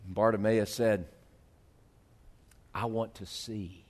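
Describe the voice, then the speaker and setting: A male pastor preaching a sermon, swinging from hushed, slow lines to loud, rising appeals. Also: fairly low pitch, fairly even intonation.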